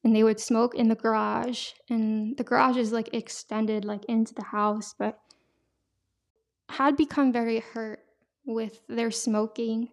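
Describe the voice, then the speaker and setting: A young woman hosting a podcast, sharing an emotional personal testimony in a halting way, full of fillers. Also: a little high, fairly even intonation. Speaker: podcast host.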